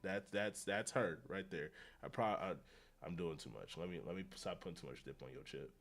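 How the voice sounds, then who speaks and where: A man chatting casually on his gaming livestream, rambling and slangy and often excitable, with frequent laughter. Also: low voice, a little fast.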